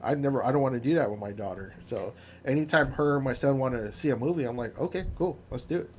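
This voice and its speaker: A man co-hosts a podcast in blunt, easygoing conversation and swears now and then. His voice sits at an ordinary middle pitch, with faint background noise. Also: quick pace. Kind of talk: casual chat.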